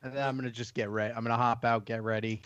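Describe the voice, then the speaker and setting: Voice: mid-range voice, flat delivery, very fast, a bit bright, dry recording, muffled recording. A player in a tabletop role-playing game who talks playfully and laughs often.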